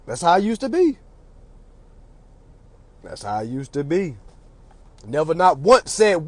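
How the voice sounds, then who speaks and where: A man hosting his own channel tells a story in a casual monologue, his fairly high voice moving at a measured pace with frequent pauses. He is animated and acts out the voices of the other people in the tale, and the recording is dry.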